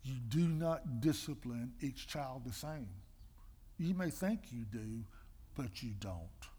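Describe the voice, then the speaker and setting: An older man giving sermon-style teaching with personal stories, emphatic and animated, with a husky voice. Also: mid-range voice, takes it slowly. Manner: animated storyteller, emphatic, mimics slapping sounds. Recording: long reverb in a large hall.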